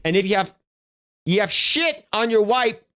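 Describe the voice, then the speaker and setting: A man's voice: sits high, lively intonation, unhurried, pushed and bright. A man live-streaming in casual chat, crude and profane, rambling with restarts in a jokey instructional tone.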